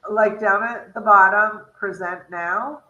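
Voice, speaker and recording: Bright-voiced woman on an echoey video call. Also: medium pitch, fairly even intonation, slow pace, dull audio. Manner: picks at wording, fills with "like" and "um". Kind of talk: casual video-call meeting.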